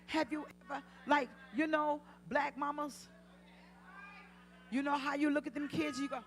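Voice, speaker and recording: A woman preaching a sermon in a church, swinging from quiet to loud, passionate peaks, with humorous asides. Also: sits high, fairly even intonation, normal speed, faint music behind. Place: church sanctuary.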